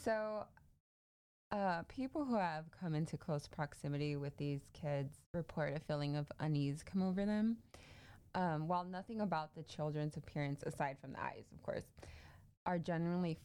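With a deep, clear, resonant voice that's a little mellow, a podcast host spins a creepy tale at a normal pace. She keeps it casual and chatty, laughing easily and leaning on many fillers.

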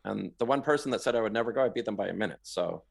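A middle-aged man from Canada, a guest in an interview, telling stories animatedly and bursting into loud quoted lines. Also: lowish voice, racing, creaky, breathy edge. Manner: animated storyteller who shouts out quoted lines. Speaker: guest, marathon runner. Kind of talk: storytelling in a podcast interview.

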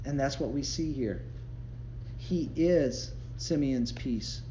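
A man's voice: mid-range voice, takes it slowly, dark tone, slight background noise. A man giving a conversational devotion sermon, telling stories and laughing along the way. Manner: conversational, storytelling preaching with laughs. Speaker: devotion speaker. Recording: roomy, slightly dull recording with faint ambience.

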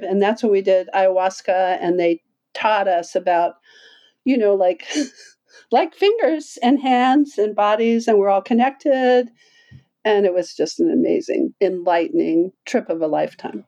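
A woman guest on a podcast, telling a long travel story in lively conversation, laughing often and acting out quoted voices. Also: low-quality recording. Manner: animated, acts out quoted voices with big pitch jumps; laughs often while talking.

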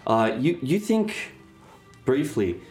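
A woman running a tabletop game as game master, relaxed as she calls for rolls and narrates outcomes. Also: very deep voice, takes it slowly, faint music behind.

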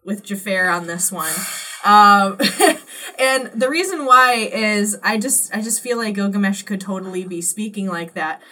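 A woman co-hosts a casual podcast and talks in a halting way, full of "um"s. Her voice is bright and a little sharp. She sits a bit back from the microphone. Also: mid-range voice, recorded from a distance. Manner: hesitant, many "um"s. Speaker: podcast co-host and judge.

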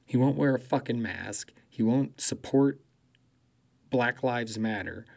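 A man doing a profane comedic political rant, swearing constantly, mocking loudly and laughing at his own jokes. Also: mid-range voice, takes it slowly, creaky.

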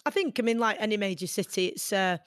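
A woman in her forties with a Mancunian accent, from Manchester, talking as an interview guest in an earnest, animated way. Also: medium pitch, fast talker, dry recording, clean studio sound. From Manchester, England. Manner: earnest and animated, many fillers. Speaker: guest, boxer. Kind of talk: conversational interview.

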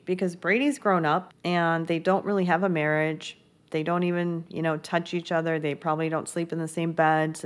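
Low-voiced chatty woman recapping TV. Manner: chatty, gossipy, lots of "like" fillers. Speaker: TV recap host. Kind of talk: casual episode recap.

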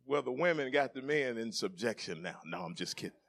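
A middle-aged male pastor, preaching a sermon that swings from soft, joking asides to the congregation to shouted climaxes. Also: mid-range voice, expressive, fairly quick. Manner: jokes with the congregation, laughing.

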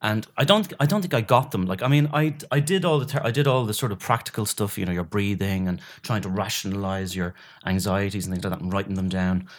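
A man's voice: lowish voice, fast talker, hardly any pauses. A middle-aged man from Ireland, a guest comedian telling stories in a rambling, self-deprecating way with many restarts. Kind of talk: casual chat.

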